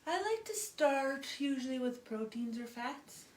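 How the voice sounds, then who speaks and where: A woman co-hosting a live nutrition show, tossing in playful, quick asides. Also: high voice, expressive, roomy sound, far from the mic. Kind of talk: casual live-stream chat.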